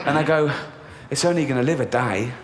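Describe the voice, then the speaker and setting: A man with an English accent doing a stand-up routine, deadpan with dark jokes. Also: mid-range voice, fairly quick. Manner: deadpan, dark jokes, mimics childish voices. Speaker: stand-up comedian. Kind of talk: stand-up routine played in a reaction video. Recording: echoey room, audible noise.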